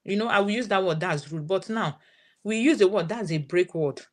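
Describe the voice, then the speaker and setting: A woman's voice: medium pitch, fairly quick, a little mellow. Nigerian-accented mother telling a story. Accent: Nigerian English. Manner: storytelling, quoting her daughter's words. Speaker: parent guest sharing her experience. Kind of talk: live session testimony.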